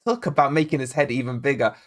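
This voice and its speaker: A Scottish-born man hosts a live football watch-along, talking fast at a medium pitch. He's chatty and excitable, reading out viewer names, comments and predictions as the fan channel's host.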